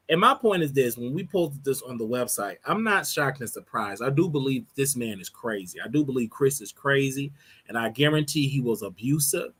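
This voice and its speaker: Bright-voiced man ranting on celebrity gossip. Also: mid-range voice. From Chicago, United States. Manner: animated and opinionated, with repeated words and restarts. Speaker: show host. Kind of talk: solo commentary on celebrity gossip.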